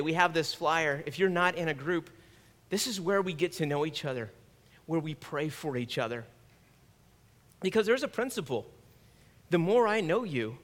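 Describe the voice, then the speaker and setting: A man's voice: a little high, fairly bright tone. A man pastor delivering a sermon in an earnest, conversational preaching manner. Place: church sanctuary. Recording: long reverb of a church hall.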